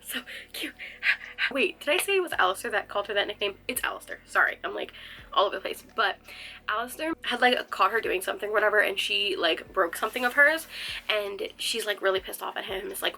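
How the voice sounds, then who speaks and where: A woman's voice: mid-range voice, expressive, quick pace, creaky, pushed and bright, poor audio. Gushing young woman book vlogger. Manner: chatty and gushing, many fillers. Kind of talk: casual chat.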